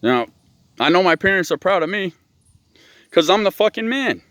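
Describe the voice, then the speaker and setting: A man's voice: sits high, animated, moderate pace, fairly bright tone, dry recording. A man hosting his own show, ranting in a blunt, profane, rambling monologue. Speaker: host.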